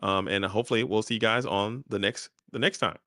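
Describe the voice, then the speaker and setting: A man's voice: on the low side, fairly quick, gravelly, a bit bright, no echo. A man co-hosting a game tournament livestream, talking up upcoming events with upbeat hype and catchphrases. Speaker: tournament stream co-host. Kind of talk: casual livestream commentary.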